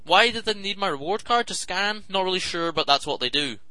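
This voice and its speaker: A man's voice: high voice, lively intonation, a little fast, bright, forceful tone, dry recording, low-quality recording. A young man, hosting a podcast and telling comic stories in an exasperated, sardonic rant. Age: late teens. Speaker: podcast host. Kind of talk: comic storytelling monologue.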